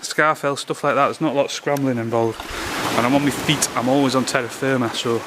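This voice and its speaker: A man's voice: medium pitch, fairly even intonation, a little fast. A man, out of breath, chatting casually to his camera while scrambling along a rocky coast; he swears freely and mocks himself. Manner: chatty, swears a lot, self-mocking. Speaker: outdoor vlogger. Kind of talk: casual self-filmed commentary. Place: rocky sea coast outdoors. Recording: noisy outdoor camera audio.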